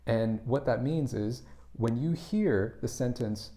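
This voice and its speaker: A man's voice: medium pitch, slow, mellow. A man explaining English pronunciation in a casual spoken lesson, often restarting and repeating words as he thinks.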